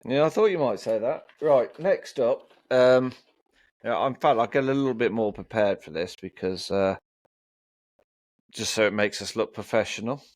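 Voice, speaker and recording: A man's voice: mid-range voice, normal speed, darkish tone, dry recording. Chatty man reading record blurbs, dry sound. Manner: reads album blurbs aloud with frequent ums and restarts. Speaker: co-host. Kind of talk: casual chat about records.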